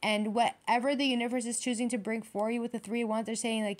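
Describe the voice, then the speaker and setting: A woman's voice: on the high side, little pitch movement, fast. A woman giving a casual tarot reading, blunt and streetwise, swearing freely and talking straight to her viewers. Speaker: tarot reader.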